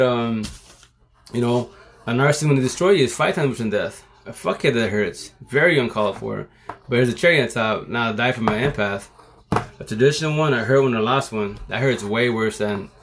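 A man's voice: mid-range voice, a little hiss or hum. Streetwise man preaching on a livestream. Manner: streetwise slang, repetitive, preachy. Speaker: livestream host. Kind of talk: casual livestream monologue. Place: at home, live stream. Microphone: phone.

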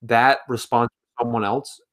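A man answering questionnaire questions in a casual podcast chat, slow and hesitant with many ums, over a remote call. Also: mid-range voice, flat delivery, fairly bright tone. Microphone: remote call with lag.

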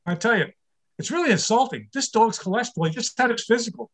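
A man's voice: extremely high pitch, animated, fast talker, fairly bright tone. Wry older man doing stand-up. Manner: wry, self-deprecating punchlines. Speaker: stand-up comedian. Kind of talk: stand-up comedy set.

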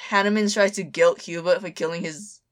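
A woman's voice: on the low side, fairly even intonation, brisk. A young woman co-hosting a casual chat about video games, opinionated, swearing and restarting her sentences with lots of fillers. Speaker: podcast co-host.

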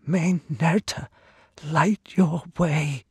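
A man's voice: a little high, steady tone, drawn-out words, slightly rough, no room sound, studio quality, voice pushed up, heavily acted. A man doing a trembling, whispering wounded warrior. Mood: pleading. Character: wounded young male warrior, frightened. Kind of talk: storytelling podcast reading.

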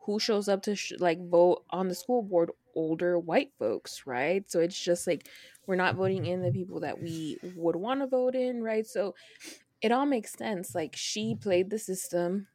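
A woman co-hosting a podcast, talking emphatically, swearing, and laughing loudly. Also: on the low side, measured pace, no room sound. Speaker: podcast co-host. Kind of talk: casual podcast chat.

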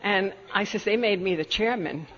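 Over a noisy crowd, an older woman's mid-range voice comes through at normal speed, her New York accent clear as she laughs through life stories for an Al-Anon meeting. It's a dull lo-fi recording from a meeting hall with faint room noise.

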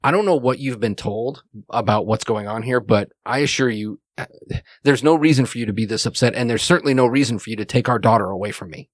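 Man doing a frazzled mother in a shouting match, pleading and exasperated, dry close sound, tabletop game. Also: mid-range voice, fast talker, no echo, natural voice. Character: upset mother arguing with her ex, woman, adult.

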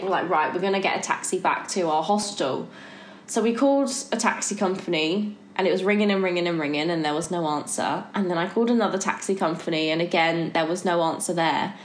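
A young woman hosting a podcast, telling a story in a lively chatty way and laughing often. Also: lowish voice. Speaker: podcast host. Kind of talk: casual storytelling chat. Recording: echoey room with faint noise.

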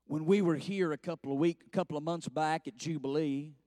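A man preaching in church, his voice sitting high and sounding dry and close. He tells homespun stories and builds into fervent, ringing passages. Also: fairly even intonation, brisk, warm tone, dry recording. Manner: folksy storytelling, rising to fervent preaching. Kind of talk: sermon.

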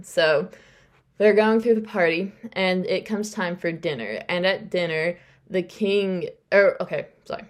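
A woman hosting a podcast, recapping a novel in a casual, chatty way, often correcting herself and quoting the characters. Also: on the low side. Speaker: podcast host.

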